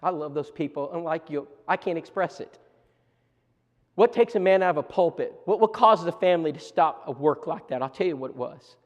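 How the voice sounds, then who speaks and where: A man preacher telling lively stories at a church seminar, stumbling over restarts as he talks. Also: on the high side, a little fast, muffled recording. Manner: animated storytelling with many restarts. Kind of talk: storytelling seminar talk. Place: church auditorium. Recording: long church hall reverb.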